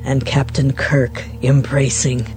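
A woman's voice: rumbling low, flat delivery, slow, music in the background. An older woman being interviewed, telling stories of her acting career with laughter. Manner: warm storytelling with laughs. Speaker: interviewee, actress. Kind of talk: interview recollection.

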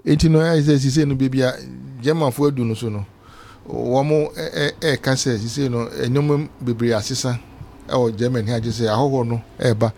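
A man hosting a relaxed sports talk radio show, often answering with short backchannel replies. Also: medium pitch, fairly quick, slight background noise. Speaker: radio host.

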